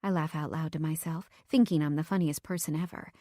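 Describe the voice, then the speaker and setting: A woman's voice: low voice, steady tone, brisk, mellow, no echo, studio quality. Young woman narrating a romance audiobook. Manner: emotive, reads her own text messages with rising emphasis. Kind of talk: first-person audiobook narration.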